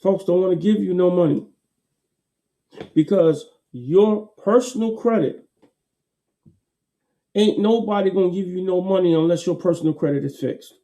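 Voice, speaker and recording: A man gives a casual motivational talk. His tone is very dark and mellow, sitting a little high. He repeats his points emphatically in a folksy way. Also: moderate pace, pauses often. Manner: folksy, repetitive, emphatic with laughs.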